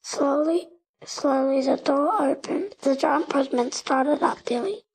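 Slow gravelly woman reading a storybook. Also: high-pitched, low-quality recording. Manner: slow and deliberate, with occasional slips. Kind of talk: children's storybook read-aloud.

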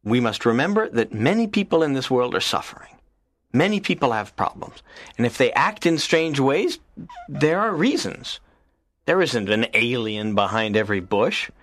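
An actor playing a nervous, curious teenage schoolboy in an audiobook drama, speaking hesitantly with stammers. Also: male voice, mid-range voice, very animated, normal speed, a bit bright, no room sound. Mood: thoughtful.

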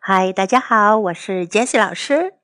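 A woman's voice: medium pitch, lively intonation, normal speed, fairly bright tone, no room sound. A woman English teacher giving a cheerful bilingual channel introduction.

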